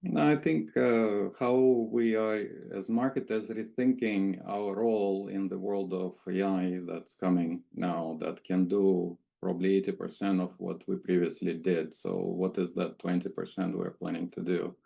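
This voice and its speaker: A man with a Russian accent speaks hesitantly on a video call at a marketing roundtable, pausing often. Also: low voice, steady tone, creaky. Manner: hesitant, many filler pauses. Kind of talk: casual video call discussion. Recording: muffled lo-fi call audio.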